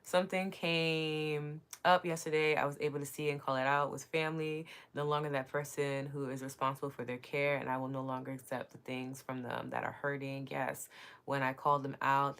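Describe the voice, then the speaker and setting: Low-voiced woman hosting live chat. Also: level tone, brisk, a bit bright. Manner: laughs often, says "right?" a lot; candid, mildly profane. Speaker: podcast host reading live chat. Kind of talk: casual live-stream chat.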